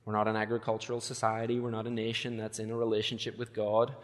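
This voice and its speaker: A man preaching a sermon, earnest, with quick asides and slow emphatic lines. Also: fairly low pitch, monotone, in a large hall. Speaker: pastor.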